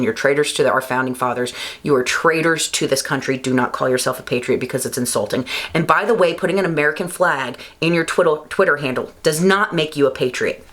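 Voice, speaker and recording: Heated woman venting on her vlog, kinda low voice, cussing, pitch shoots up when she gets mad. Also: fairly bright tone. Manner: angry, emphatic, swearing, rising pitch when worked up. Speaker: vlogger. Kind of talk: heated political rant to camera.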